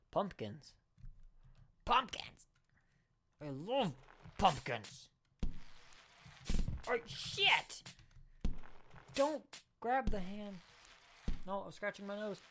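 A man's voice: sits high, animated, slow, pauses often, a bit bright, slight background noise. A man giving casual let's play commentary, joking, talking to the game and bursting into sudden exclamations.

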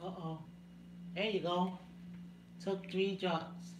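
A woman's voice: lowish voice, little pitch movement, slow, background noise. A woman chatting casually on a live stream from home, laughing often and talking to her viewers by name.

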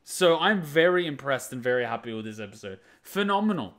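A man's voice: mid-range voice, big pitch swings, brisk, noisy background. A man hosting a reaction video, talking casually and earnestly about an episode in short repeated phrases.

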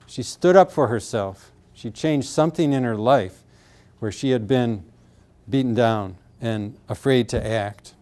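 A man's voice: mid-range voice, a little slow, darkish tone. A middle-aged man talking about treating pain, earnest and explanatory, often acting out what his patients said with strong feeling. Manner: earnest, re-enacts patients' words with emotion. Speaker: pain therapist. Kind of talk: explanatory talk with acted patient quotes.

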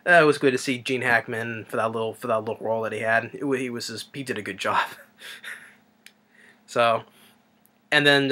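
Guy rambling through a movie review, lots of ums and restarts, bright voice. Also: mid-range voice. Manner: rambling, with many fillers and restarts. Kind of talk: casual movie review recap.

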